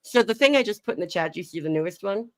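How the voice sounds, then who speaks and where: Giggly woman with a lively, bouncing voice. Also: mid-range voice, fast talker, dry recording. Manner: giggly, playful, sounds out words. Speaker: stream co-host. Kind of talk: casual chat while streaming a game.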